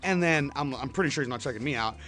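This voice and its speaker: A man's voice: medium pitch, lively intonation, fast talker, a bit bright, soft background music. A young man co-hosting a radio show, telling stories in a laid-back, slangy way and laughing often. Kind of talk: casual chat.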